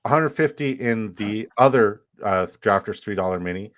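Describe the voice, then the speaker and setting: Low-voiced playful livestream host. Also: male voice, moderate pace, no echo. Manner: playful, reads chat aloud, jokey hype. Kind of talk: casual livestream chat.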